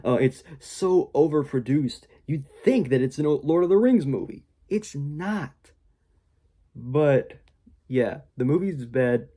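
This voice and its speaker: Young male reviewer, loose filler-heavy rant, dark mellow tone, very animated pitch. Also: slow. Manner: rambling, filler-heavy, with mocking quoted voices. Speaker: movie reviewer. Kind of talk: casual spoken movie review.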